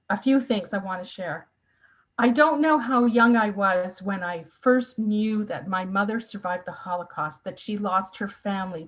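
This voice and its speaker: A woman's voice: mid-range voice, poor audio. A woman in her sixties gives a personal testimony talk, telling her family's story with earnest, emotional emphasis. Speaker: speaker.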